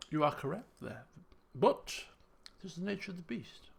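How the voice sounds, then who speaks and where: Unhurried and creaky, a man's high-pitched, fairly bright voice swings widely in pitch as he streams a video game and comments live. He's chatty and self-mocking, restarting often and laughing, with faint guitar music and slight background noise.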